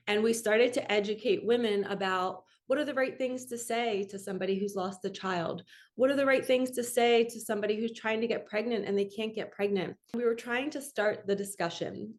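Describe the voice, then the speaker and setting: A woman in her forties, a manifestation coach, telling a personal story in a candid, emotional, rambling way. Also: mid-range voice.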